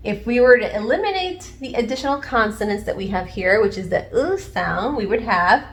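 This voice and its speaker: A woman's voice: a little high, lively intonation, moderate pace, a little hiss or hum. Chatty woman teaching at a whiteboard. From Puerto Rico. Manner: chatty and encouraging, self-deprecating. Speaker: online language learner teaching viewers. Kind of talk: casual video lesson. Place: indoors at a whiteboard. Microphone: camera framing her at the board.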